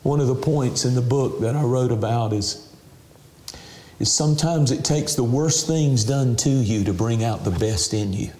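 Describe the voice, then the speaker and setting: Emotional tv preacher guy, choked up and crying, mellow voice, echoey room in a house. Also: mid-range voice. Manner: emotional, tearful preaching with slow prayer lines. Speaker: television minister. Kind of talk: televangelist interview and altar call.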